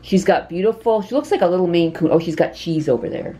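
A woman's voice: on the low side, expressive, quick pace, dark tone, husky. A woman volunteering for a pet rescue, chatting casually and gushing while she shows a cat up for adoption, often cooing to it in a sing-song voice, in a dim indoor room. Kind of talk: casual adoption video chat.

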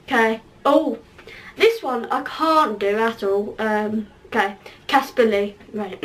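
Woman vlogger, casual and self-critical, high-pitched voice. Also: fairly even intonation, unhurried, far from the mic. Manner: hesitant, apologetic, self-critical. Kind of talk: casual vlog.

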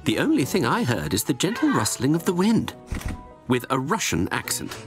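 Casting: lofty, theatrical male detective, low voice that swoops widely, game music behind. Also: sing-song, normal speed. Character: Sherlock Holmes, confident male detective. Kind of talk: game voice acting.

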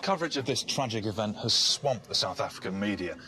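A man narrating a documentary in a measured, sober scripted delivery. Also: fairly low pitch, expressive, crowd noise. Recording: loud music bed underneath.

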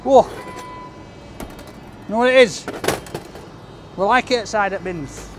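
A man's voice: sits high, slow pace, background noise. A man, chatting cheerfully and jokily to camera as a food-review vlogger on a city side street. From Leeds. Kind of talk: casual chat to camera.

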